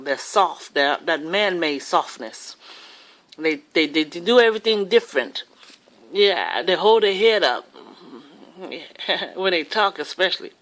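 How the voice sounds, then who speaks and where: A woman's voice: low voice, fairly bright tone, poor audio. A woman vlogger giving a rambling, impassioned opinion monologue in a casual way. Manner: rambling, impassioned social commentary.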